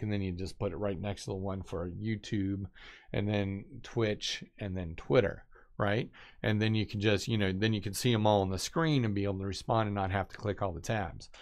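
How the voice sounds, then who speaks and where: A man with a nasal voice chatting casually on a live stream, rambling with many restarts. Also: lowish voice. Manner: rambling, restarts often, excitable.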